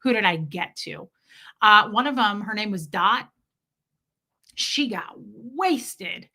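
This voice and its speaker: A woman's voice: medium pitch, takes it slowly. A woman casually telling her own story to a live chat, swearing and quoting others as she goes. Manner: profane, animated, quotes others in dialogue.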